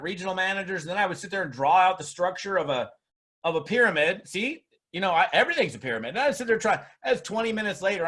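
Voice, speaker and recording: A man with a fairly high voice delivers a motivational seminar talk. He is emphatic and lively. He mocks skeptics with put-on voices. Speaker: network marketing speaker.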